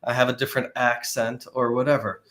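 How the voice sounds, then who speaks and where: A man talks as a guest on a casual show in a middle-pitched voice. He sounds thoughtful and slips in dry humor. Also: level tone, fairly quick, fairly bright tone. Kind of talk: casual chat.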